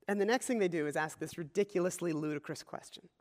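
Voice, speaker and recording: A man's voice: sits high, big-room sound. A man preaching a conversational sermon as pastor, often repeating key phrases.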